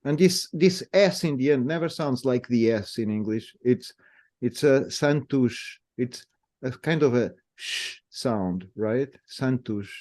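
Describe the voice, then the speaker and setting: A man's voice: mid-range voice, measured pace, a little mellow. A man whose first language is Portuguese, speaking English with a Portuguese accent and patiently demonstrating how words sound. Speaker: language guest explaining pronunciation. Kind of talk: explanatory conversation.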